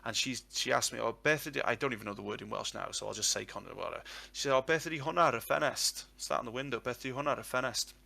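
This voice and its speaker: A man whose first language is English, chatting casually and telling jokey, animated stories as a guest teacher. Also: mid-range voice, racing, gravelly, hardly any pauses. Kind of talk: casual live chat. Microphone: online call audio.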